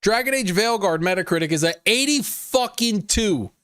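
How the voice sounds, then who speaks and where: A fairly high-voiced man hosting a gaming news live stream, swearing freely as he riffs on the day's stories. His pitch swings widely and he talks to his chat like friends. The sound is dry and close to the mic. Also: moderate pace, clean tone, no echo. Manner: profane, animated, riffs and laughs at chat. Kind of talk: casual live-stream commentary.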